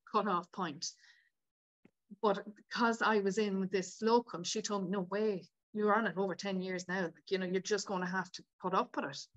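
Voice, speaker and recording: A woman's voice: medium pitch, steady tone, moderate pace, muffled recording. A woman, a podcast guest candidly telling her own story with many fillers. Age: 50s. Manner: candid and tearful at times, many 'like' fillers. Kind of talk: emotional personal storytelling.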